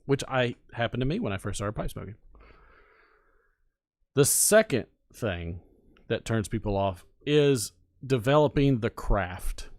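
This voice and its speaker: A man hosting a casual podcast, talking in a relaxed, folksy way with plenty of fillers. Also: medium pitch, measured pace, pauses often, no room sound, clean studio sound. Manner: relaxed, folksy, lots of "you know". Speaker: podcast host. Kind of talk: casual chat about pipe smoking.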